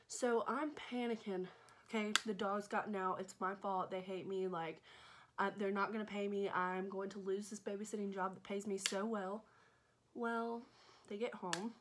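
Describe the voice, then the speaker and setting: A young woman telling a dramatic, animated storytime in a vlog, often checking in with "okay?". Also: mid-range voice, moderate pace, background noise. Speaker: vlogger.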